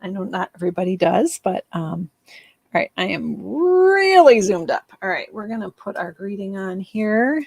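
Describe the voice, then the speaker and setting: A woman's voice: mid-range voice, sing-song, moderate pace, vocal fry, a little mellow, no echo. A woman demonstrating card making in a casual live craft session, chatty and rambling, with frequent ums and laughs at her own slips.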